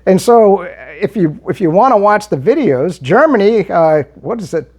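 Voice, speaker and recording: A man answers his viewers in a heated, argumentative monologue. His pitch swings up and down animatedly, and he often stumbles and restarts mid-sentence. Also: very animated, moderate pace, a little mellow. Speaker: political commentary vlogger. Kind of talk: monologue reading and replying to viewer comments.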